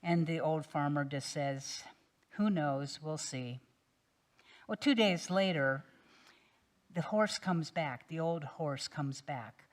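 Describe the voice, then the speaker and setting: Slow-speaking woman minister telling a story. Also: low-pitched. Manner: relaxed, gently storytelling. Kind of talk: sermon storytelling.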